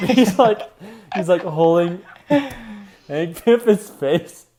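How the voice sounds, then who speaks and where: Higher voiced guy on a movie podcast, lively, laughing while retelling scenes. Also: extremely slow. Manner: enthusiastic, quotes scenes, laughs. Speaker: podcast co-host. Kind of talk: casual chat.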